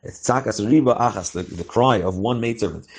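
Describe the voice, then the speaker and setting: A man with a somewhat low voice teaches briskly, moving quickly from phrase to phrase. He reads each line with a pronunciation, then translates and explains it, often restarting his sentences as he goes. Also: breathy edge. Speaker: Torah teacher. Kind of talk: line-by-line text study, mixing Hebrew and English.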